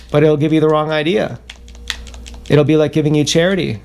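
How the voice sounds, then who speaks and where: Male streamer, slightly high, gravelly fry, halting confessional ramble, faint keyboard noise behind. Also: steady tone, a little mellow. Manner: halting, self-questioning, repetitive. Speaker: livestreamer.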